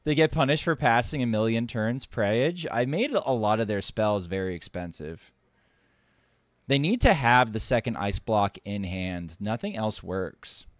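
A man's voice: fairly low pitch, expressive, unhurried, no echo. A man streaming a card game, thinking aloud and joking as he plays. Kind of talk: casual gameplay commentary.

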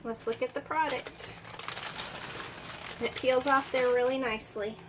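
A woman's voice: sits high, fairly even intonation, measured pace, noisy background. A woman chatting folksily through a cooking demonstration in her home kitchen, sniffling a little from allergies. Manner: chatty, folksy, keeps saying "y'all".

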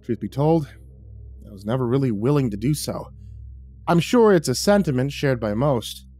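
A man's voice: lively intonation, moderate pace, slightly rough, soft background music. Man narrating horror dramatically. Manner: dramatic, drops low and soft for grim lines. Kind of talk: first-person horror story narration.

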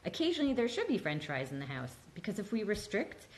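A woman's voice: mid-range voice, sing-song, fast talker, a little hiss or hum, low-quality recording. A woman counselor giving a casual, emphatic talk, often saying "like" and "right?". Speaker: mental health counselor.

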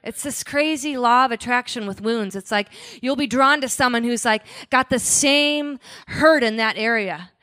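A woman pastor preaching in a relaxed, conversational way. Her voice sits a little high for a woman, and she keeps slipping into small acted-out quotes and asides. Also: moderate pace, hardly any pauses. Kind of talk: sermon.

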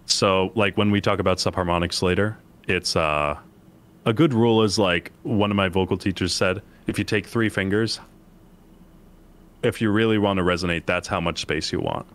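A man who is a bass singer, explaining singing technique in a relaxed, halting way. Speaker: bass singer and vocal guest.

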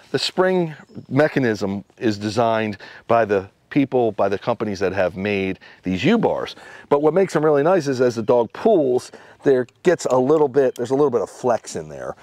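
A man talks through his homemade dog-pulling trike in a relaxed, rambling workshop demo, circling back and restarting his sentences. His voice sits at an ordinary middle pitch. The sound is dry and close, with little room echo. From USA. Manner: rambling, explanatory, with restarts and fillers. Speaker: dog sled vehicle builder demonstrating his rig. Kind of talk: casual workshop demonstration.

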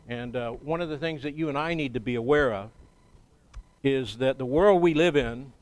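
A man preaching a sermon as pastor in a church, in a measured, conversational way with frequent pauses. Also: medium pitch.

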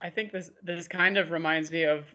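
A man on a video call, talking casually and hesitantly, filling his pauses with "uh". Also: fairly high pitch, steady tone, sharp tone. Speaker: group call participant. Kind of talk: casual conversation.

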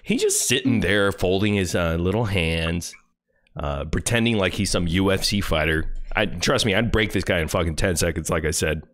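A man's voice: low-pitched, lively intonation, moderate pace, a bit bright. A man streaming live, reacting to a video in an angry, taunting, profane rant.

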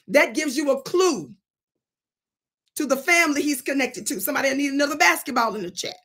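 A woman hosting her own channel in a storytelling commentary monologue. Her voice sits high, and her delivery is animated and preachy, full of wordplay. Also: a little fast. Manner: animated and preachy, plays with words. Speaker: channel host.

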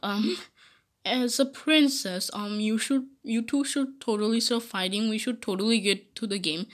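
A woman voicing a timid, gentle pony who hesitates with many ums. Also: a little high, moderate pace, close to an everyday voice. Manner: hesitant, full of "um".

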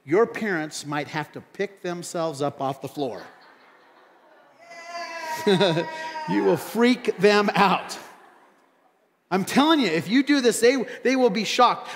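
Male pastor, raised pitch, animated emphatic sermon delivery, church hall reverb. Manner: animated, repeats phrases for emphasis. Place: church sanctuary.

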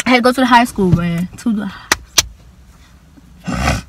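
Animated young woman telling a story. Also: mid-range voice, moderate pace, noisy background. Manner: animated, dramatic retelling with laughs and slang. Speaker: vlogger. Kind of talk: casual storytime.

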